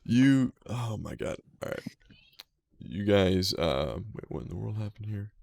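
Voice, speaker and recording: A man narrating as game master, halting and often repeating words. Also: lowish voice, animated, gravelly, darkish tone, no room sound.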